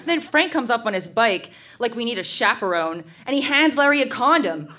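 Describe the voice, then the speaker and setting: A woman's voice: a little high, expressive, moderate pace, pushed and bright. A young woman reading her teenage diary aloud at a live show, wry and laughing through it. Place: live venue stage.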